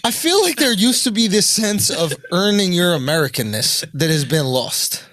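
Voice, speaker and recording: A man's voice: sits high, normal speed, slight background noise. A man co-hosting a comedy podcast, chatting casually and swearing freely. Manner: animated, swears freely, does exaggerated quoted voices.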